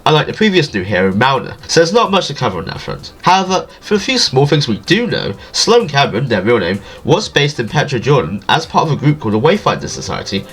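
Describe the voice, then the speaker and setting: Quick, lively nasal man narrating a game guide. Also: medium pitch. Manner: jokey and self-deprecating. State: stuffy from allergies. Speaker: video game guide creator. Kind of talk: scripted gaming guide voice-over.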